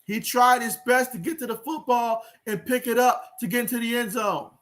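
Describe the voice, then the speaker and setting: High, bright-voiced man calling football live. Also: normal speed. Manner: excitable, talks to viewers, reads out chat comments. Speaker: livestream host watching a football game. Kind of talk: live play-by-play commentary.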